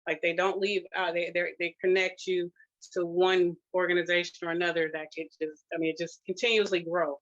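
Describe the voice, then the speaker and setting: A grandmother sharing a personal testimonial, emotional and close to tears, talking in a halting way with many fillers and restarts. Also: fairly low pitch, flat delivery, dull audio. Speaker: grandmother sharing her family's experience.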